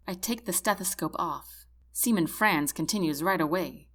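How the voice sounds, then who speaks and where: A woman reading a first-person novel aloud, expressive, slipping into whispers for inner thoughts. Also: on the low side, normal speed, few pauses. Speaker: audiobook narrator. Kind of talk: first-person scripted narration.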